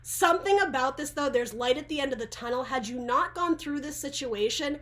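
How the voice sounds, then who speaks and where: A woman's voice: sits high, expressive, a little fast, a bit bright. A woman giving a casual tarot reading to camera, chatty and rambling, often restarting her sentences. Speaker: tarot reader.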